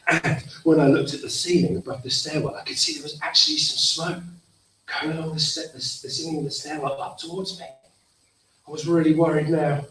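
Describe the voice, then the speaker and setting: A man leading an interactive storytelling workshop for children, acting out the story and calling for responses. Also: mid-range voice. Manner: animated, leads actions and call-and-response. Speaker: theatre workshop leader. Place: school hall. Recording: echoey hall, distant mic, faint noise.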